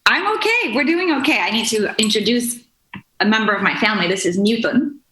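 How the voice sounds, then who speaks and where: A woman guest on a podcast, a jazz vocal performer, speaking softly and hesitantly over a video call. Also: on the high side, lively intonation, brisk, reverberant, poor audio. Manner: soft-spoken, hesitant, searches for words.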